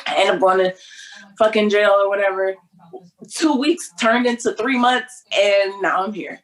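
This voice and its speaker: A woman's voice: medium pitch, fairly even intonation, normal speed. A woman in her twenties from Detroit, telling a story in a casual podcast chat. She acts out quoted voices and swears freely. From Detroit, United States. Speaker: podcast guest.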